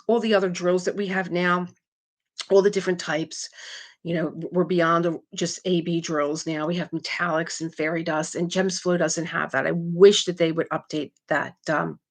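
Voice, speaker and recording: Middle-aged lady chatting on her craft livestream, kinda low voice, animated, reads out comments and laughs a lot. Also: normal speed. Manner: chatty and animated, reading viewer comments aloud and laughing often. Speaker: host of a live craft stream. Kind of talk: casual live-stream chat.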